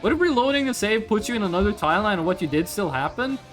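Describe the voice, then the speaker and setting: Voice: medium pitch, expressive, fast talker, fairly bright tone, faint music behind. A streamer chatting casually and rambling over gameplay, swearing freely and jumping between topics.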